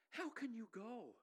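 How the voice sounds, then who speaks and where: A middle-aged woman delivers a sermon, her pitch swinging widely as she presses her points. She talks emphatically and climbs to loud, ringing declarations, then drops back to earnest, close talk. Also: husky. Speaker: preacher.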